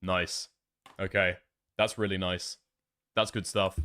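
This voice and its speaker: A man's voice: low-pitched, little pitch movement, takes it slowly, bright, forceful tone, no room sound. A man streaming live, rambling and thinking aloud in casual commentary, with frequent swearing.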